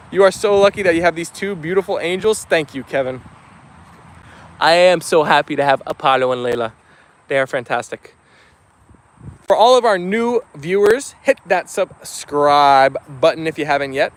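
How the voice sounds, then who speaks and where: A man's voice: fairly high pitch, animated, moderate pace, a little hiss or hum. A man hosting a dog livestream outdoors, reading viewer comments aloud in a casual, friendly way. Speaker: dog channel livestream host. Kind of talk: casual live-chat reading. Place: outdoors with dogs.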